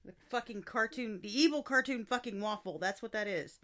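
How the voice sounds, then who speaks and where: A woman's voice: fairly high pitch, brisk, pushed and bright. A woman co-hosting a casual podcast, talking bluntly and emphatically with a lot of swearing. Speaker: podcast co-host. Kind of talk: casual chat.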